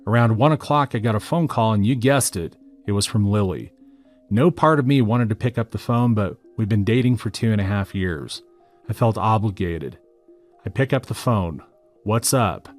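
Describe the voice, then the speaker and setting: A man with a fairly low voice narrates a first-person story in scripted form. He reads it steadily and matter-of-factly, keeping an even tone. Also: moderate pace, faint music behind.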